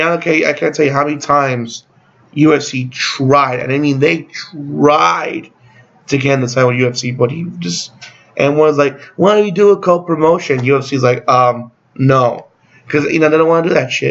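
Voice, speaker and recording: A man's voice: a little high, vocal fry, fairly bright tone, highs cut off. A man hosting his own channel, talking in a casual, rambling opinion vlog that is blunt, profane and dotted with sarcastic asides. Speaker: YouTube channel host.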